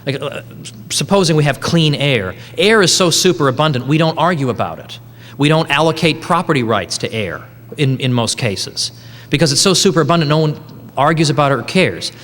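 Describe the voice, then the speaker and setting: A man's voice: on the high side, expressive, a little fast, a bit bright. Man lecturing in a reverberant hall. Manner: conversational, joking, self-correcting. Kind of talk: conference lecture. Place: conference hall.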